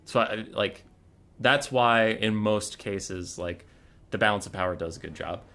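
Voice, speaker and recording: Bright-voiced, profane streamer man. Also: on the low side, a little slow. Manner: profane and rambling, animated retelling. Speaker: streamer and tournament host. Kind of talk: casual livestream chat.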